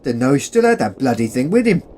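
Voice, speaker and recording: A man's voice: medium pitch, big pitch swings, darkish tone, a little hiss or hum, pitched above the performer's own voice, lightly acted. A man voicing a cocky, brawling young English soldier who swears freely. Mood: brash. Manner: brash, swearing, quick-tempered.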